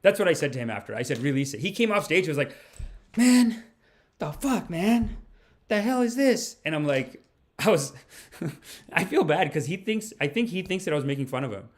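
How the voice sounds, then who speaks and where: A man, a comedian hosting a podcast, telling rambling, animated stories. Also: fairly high pitch, quick pace. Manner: animated, rambling, laughs mid-story. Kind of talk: casual storytelling.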